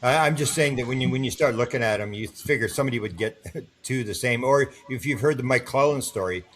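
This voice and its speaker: A man's voice: medium pitch, fast talker, a little hiss or hum. An older man, a guest on an interview podcast, telling long stories and acting out the voices of the people in them. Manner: animated storyteller, acts out quoted voices.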